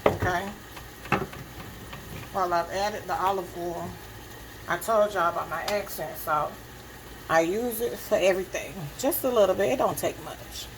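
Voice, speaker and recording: A woman's voice: on the low side, unhurried, long pauses, background noise. A woman giving a casual cooking demonstration in her home kitchen, chatting to viewers and checking in with "okay?" as she goes. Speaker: cooking vlogger.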